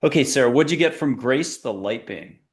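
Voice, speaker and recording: A male talk-show host speaking in a lively, rambling way. His pitch swings up and down as he hops from one idea to the next in casual chat. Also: moderate pace. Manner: rambling, animated, jumps between ideas. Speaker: podcast host.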